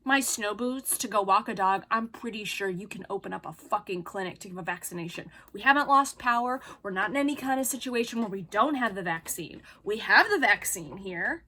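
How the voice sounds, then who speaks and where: Bright-voiced woman in an angry rant. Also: medium pitch, lively intonation, brisk, hardly any pauses, slight background noise. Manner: angry, swearing, sarcastic rant. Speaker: vlogger. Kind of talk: emotional venting vlog.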